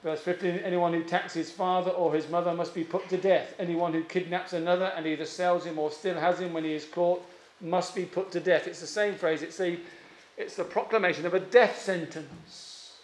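A man's voice: sits high, fairly even intonation, normal speed, echoey room, slight background noise. A man preaching an expository sermon, emphatic and given to repeating key phrases, with frequent fillers.

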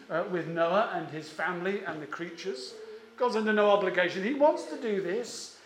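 A man with a high, light voice delivers a sermon, leaning hard on key words and stretching them out slowly. He is heard in an echoey church room with a faint hum of ambience behind him. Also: a bit bright. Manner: measured, emphatic, drawn-out stresses. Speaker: preacher.

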